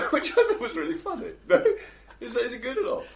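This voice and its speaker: A man's voice: very high-pitched, huge pitch swings, fast talker, gravelly. A man co-hosting a podcast, joking around and laughing at his own gags. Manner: jokey, laughs a lot, trails off quietly. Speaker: podcast co-host. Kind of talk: casual chat, telling jokes.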